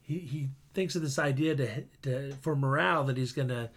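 A man co-hosting a podcast, retelling a film's plot in a casual, halting way. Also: mid-range voice, a bit bright. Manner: retells a film plot with many hesitations. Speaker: podcast co-host. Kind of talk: casual chat.

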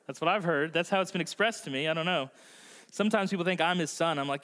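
A male pastor preaching a conversational sermon, slowing down and softening his voice for emphasis. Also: fairly high pitch. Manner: acts out voices in quotes. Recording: long reverb of a large hall.

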